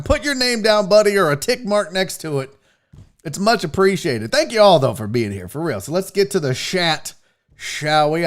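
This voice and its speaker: A man hosting a live sports stream, chatting casually and profanely with viewers, joking and telling stories about home. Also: sits high. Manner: animated, profane, joking with chat. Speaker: host of a live sports show.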